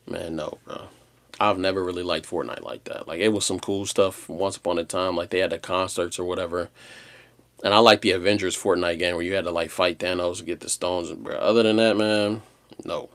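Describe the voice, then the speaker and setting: A man chatting casually on a livestream, rambling in a slangy, laid-back way with animated outbursts. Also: sits low, fairly quick. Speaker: live streamer.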